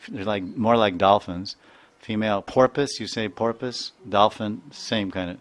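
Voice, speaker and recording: A man giving a devotional lecture as a spiritual teacher, chanting verses and imitating sounds in a playful, animated way. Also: fairly low pitch, unhurried. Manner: animated, playful, mimics sounds and voices, chuckles often.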